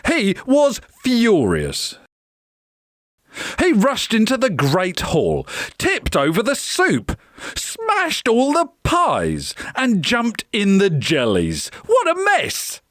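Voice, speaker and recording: A woman reads a children's picture book aloud in an expressive storytelling manner, her voice on the high side and her pace slow. The studio-quality recording has no room sound.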